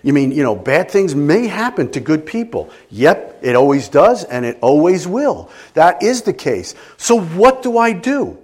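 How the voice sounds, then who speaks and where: A middle-aged male pastor delivering an emotional sermon, with a slightly raised pitch. His voice swings widely in a lively way, and he sometimes drops to a quiet, intense hush. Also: unhurried, hardly any pauses. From Italian family background.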